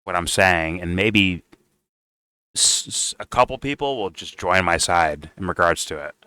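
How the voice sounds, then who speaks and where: A man's voice: low-pitched, measured pace, sharp tone. Sarcastic man mocking a debate clip. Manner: sarcastic and mocking, swears freely. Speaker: commentary streamer. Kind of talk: reaction commentary.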